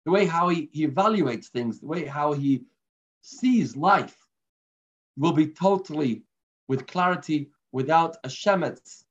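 A man giving a daily religious lesson as a rabbi, telling stories in an earnest, unhurried way. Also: on the high side, expressive, slightly rough. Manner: earnest, unhurried storytelling teacher. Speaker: rabbi teaching a daily class. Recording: muffled lo-fi recording.

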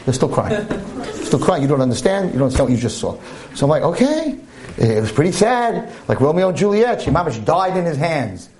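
A man's voice: on the high side, big pitch swings, quick pace, darkish tone. A man giving a storytelling holiday sermon, humorous and preachy by turns. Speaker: speaker at a holiday talk.

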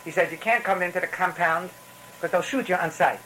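A man's voice: high voice, brisk, bright, forceful tone, slight background noise, poor audio. A man with giving a rambling, storytelling Torah talk, full of restarts and phrases. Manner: rambling, repetitive restarts, mixes in Yiddish phrases.

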